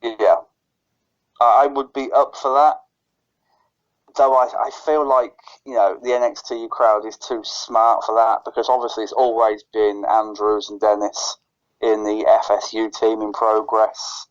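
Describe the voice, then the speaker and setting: A man's voice: lowish voice, level tone, measured pace. Stammering man with a dull lo-fi sound. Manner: stutters and restarts phrases. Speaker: podcast co-host. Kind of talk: casual chat. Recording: lo-fi dull recording.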